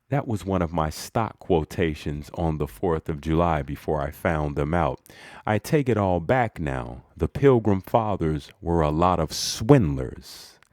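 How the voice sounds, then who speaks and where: A man's voice: low-pitched, darkish tone, no echo. A man reading an old speech aloud, stopping for dry, wry asides and reading out the crowd's reactions. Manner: dry, wry asides between quoted passages. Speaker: reader.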